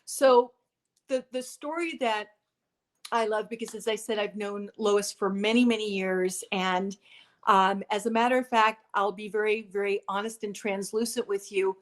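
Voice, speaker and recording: A woman hosting a casual interview chat, lively and playful with her guest. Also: mid-range voice, moderate pace. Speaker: host.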